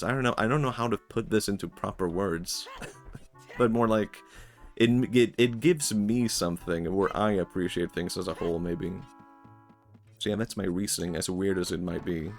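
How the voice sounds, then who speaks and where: A man's voice: sits low, moderate pace, soft background music. A young man streaming, talking in a rambling, reflective way with many fillers and frequent laughs. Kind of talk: casual stream chat.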